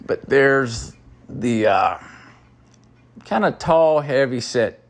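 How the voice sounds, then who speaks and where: A man with a Southern accent, calling into a podcast and telling a long story in a casual, drawn-out way. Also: medium pitch, lively intonation.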